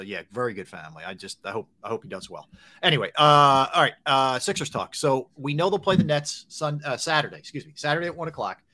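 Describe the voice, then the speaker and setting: A man's voice: medium pitch, sharp tone. A man hosting a sports talk show, chatting enthusiastically and steering the talk to the next topic. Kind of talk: casual sports chat.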